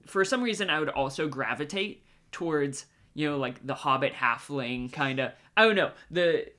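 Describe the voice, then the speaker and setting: A man's voice: fairly high pitch, normal speed, pushed and bright. A man hosting a podcast, chatting casually and laughing often. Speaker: podcast host. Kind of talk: casual chat.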